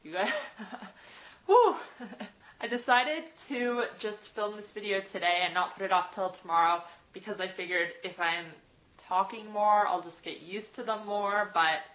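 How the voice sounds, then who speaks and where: A young woman talks to her camera in a casual vlog, at an ordinary middle pitch. A slight lisp from fresh braces blurs some of her words. Nervous sighs and small laughs fall between her phrases. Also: moderate pace, fairly bright tone, echoey room, rough recording. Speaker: vlogger.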